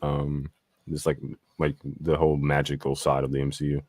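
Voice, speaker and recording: A man's voice: a bass voice, monotone, normal speed, darkish tone, no echo, clean studio sound. A man chatting casually on a podcast, laid-back and slangy, laughing often.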